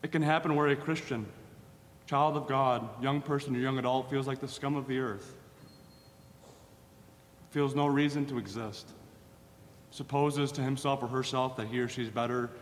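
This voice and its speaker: A man's voice: fairly even intonation, normal speed, long pauses. A man preaching a sermon, earnest and repeating phrases for emphasis. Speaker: pastor. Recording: hall reverb with faint rumble.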